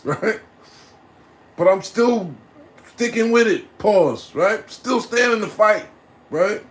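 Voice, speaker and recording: A man telling a personal story in a casual, animated way, often laughing and adding "right?" to his lines. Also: a little high. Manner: acts out voices and loud cries.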